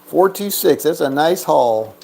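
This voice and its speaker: A man's voice: on the high side, animated, measured pace, vocal fry, mellow, slight background noise. A man giving casual, joking commentary while playing a craps game, chatting to himself and counting bets and chips aloud.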